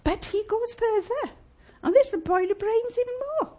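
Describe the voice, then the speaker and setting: A woman preaches a sermon in church, lively and emphatic, putting rhetorical questions to the congregation. Her voice is very high-pitched and moves at normal speed.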